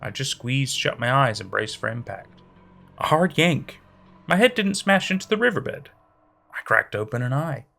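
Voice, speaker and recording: A man narrating a horror story with a bright, gravelly voice that rises and falls expressively. The reading is dramatic, with faint music playing under it. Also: mid-range voice, very animated, normal speed.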